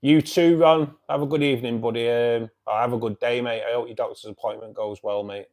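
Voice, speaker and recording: A chatty man from the Manchester area, speaking with a broad Mancunian accent at a mid-range pitch. He hosts a relaxed live stream from home, reading out viewers' comments and answering them by name in an easy, familiar way. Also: brisk. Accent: Mancunian English. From Manchester area, England. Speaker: live stream host of a fish club. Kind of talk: casual live stream chat. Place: home by his fish tank.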